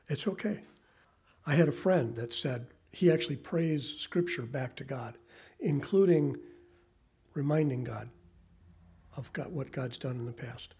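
A man in his thirties preaching a sermon, swinging from loud emphasis to quiet, hushed asides. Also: a little high, measured pace, pauses often, husky. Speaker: pastor.

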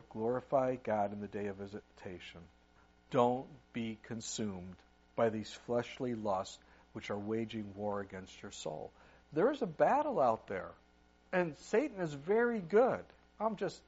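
An older male pastor delivers a sermon in a mid-range voice, reading scripture aloud and pressing his points with sudden bursts of loudness before dropping to near-quiet asides. The recording sounds slightly dull and muffled. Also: mid-range voice. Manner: preaches with sudden rises and drops in loudness, reads scripture aloud.

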